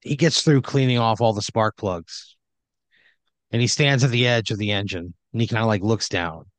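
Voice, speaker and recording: A man's voice: fairly low pitch, no room sound. A man improvising a comedic horror story in a loose, rambling way full of fillers.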